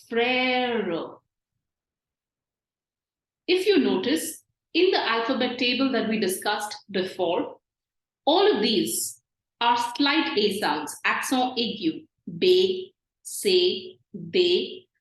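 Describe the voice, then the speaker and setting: Woman teacher, slow and patient, repeats sounds, kinda echoey room. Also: on the high side, very animated. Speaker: French teacher. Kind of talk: slow explanatory lesson.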